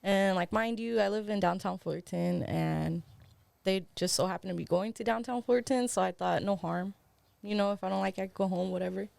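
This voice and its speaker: A woman's voice: medium pitch, fairly even intonation, a little fast, vocal fry, a little mellow, no room sound. A young woman on a podcast spins a rambling story in easygoing chat. She laughs often, swears freely and fills her lines with "like". Her mid-range voice sits close to the mic in a dry studio. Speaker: podcast co-host.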